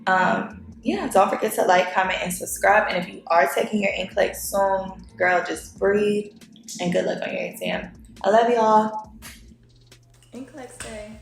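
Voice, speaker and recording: A woman's voice: mid-range voice, fairly even intonation, moderate pace, creaky, a little hiss or hum. A young woman vlogging about her nursing work in a loose, chatty way, full of fillers and restarts. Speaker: nurse vlogger. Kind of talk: casual chatty vlog. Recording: roomy echo.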